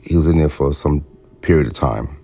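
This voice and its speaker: A man with a very deep, gravelly voice and a dark tone recounts a shooting he witnessed for a documentary, with soft music in the background. He speaks haltingly, leans on fillers and acts out remembered dialogue.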